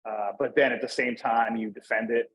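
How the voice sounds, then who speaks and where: Husky rambling man from Pennsylvania. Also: medium pitch, steady tone, moderate pace, lo-fi sound. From Northeast Pennsylvania. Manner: rambling, many fillers and restarts. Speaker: podcast guest. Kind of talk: casual interview chat.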